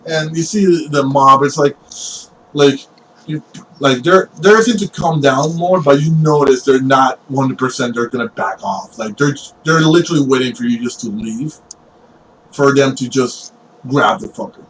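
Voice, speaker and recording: A man's voice: medium pitch, normal speed, a bit bright, a little hiss or hum, poor audio. A man running a tabletop game as game master, narrating loosely with lots of "like" and restarts.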